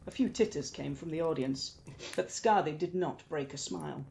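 A woman storyteller narrating a myth in an expressive, lilting way. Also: low-pitched, normal speed, gravelly, a little hiss or hum.

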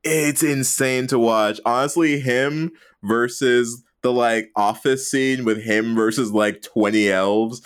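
A man's voice: mid-range voice, steady tone, slow pace, few pauses. A man co-hosting a podcast, gushing about a movie with swearing and laughs. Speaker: podcast co-host. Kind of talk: casual movie review chat.

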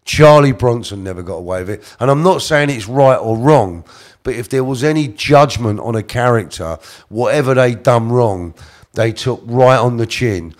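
A man's voice: medium pitch, expressive, moderate pace. Rambling man telling a story. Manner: rambling, self-correcting, slips into quoted voices. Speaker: interview guest. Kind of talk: casual storytelling.

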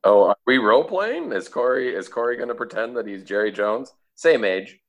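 A man's voice: mid-range voice, expressive, moderate pace, crowd noise. A man hosting a casual podcast, steering the conversation with questions. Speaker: podcast host. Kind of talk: casual chat.

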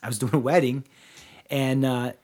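Profane, animated man telling bar stories. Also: medium pitch, moderate pace. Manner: animated, profane storyteller acting out dialogue. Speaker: podcast co-host. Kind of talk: casual storytelling chat.

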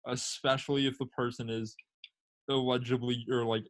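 A young man in casual chat, telling a story in an animated way with swearing. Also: medium pitch, normal speed. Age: young adult. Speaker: storyteller friend.

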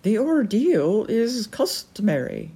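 A woman's voice: mid-range voice, sing-song, takes it slowly, warm tone, husky, pitched above the performer's own voice, exaggerated voice. A woman voicing a stern, commanding female peregrine falcon in a storybook reading, formal and imperious.

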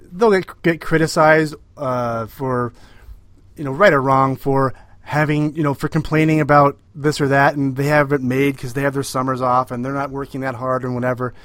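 A man's voice: mid-range voice, fairly bright tone, dry recording. A man co-hosting a podcast in casual chat, rambling with many fillers and restarts. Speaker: podcast co-host.

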